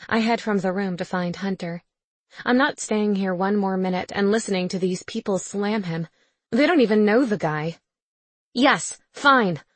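A woman's voice: medium pitch, husky, no echo. A young woman narrating a first-person audiobook with a wry, sarcastic inner voice.

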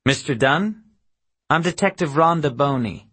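Man voicing a tired, businesslike woman detective in an audiobook, pitched up, a bit louder, husky. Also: expressive, unhurried, exaggerated voice. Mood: formal. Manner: polite, businesslike. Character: weary, formal female police detective.

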